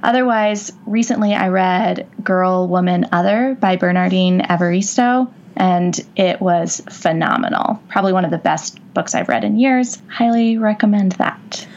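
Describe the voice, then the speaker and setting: A woman's voice: medium pitch, moderate pace, hardly any pauses, darkish tone, lo-fi sound. A woman who teaches, a guest on a book podcast, giving thoughtful book recommendations. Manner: thoughtful, earnest. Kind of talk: casual book chat.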